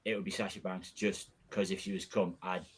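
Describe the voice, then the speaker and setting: A man's voice: sits low, little pitch movement, a little fast, a little hiss or hum. A man in a casual podcast chat, thinking aloud hesitantly.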